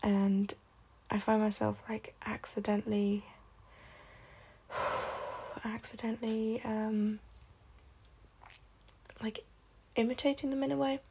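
A British woman chatting casually to her listeners, soft-voiced and often slipping into a whisper, with a giggly, relaxed manner. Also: a little high, takes it slowly, gravelly, long pauses, slightly rough. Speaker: audio creator talking to listeners.

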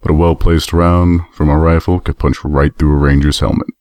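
A battle-worn armored stallion veteran, played by a man, with a voice sunk very low and flat-footed weariness in every line. He speaks matter-of-factly, and the recording is bone-dry and close, with no room around it. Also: normal speed, no echo. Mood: grim, reminiscing. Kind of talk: audio drama acting.

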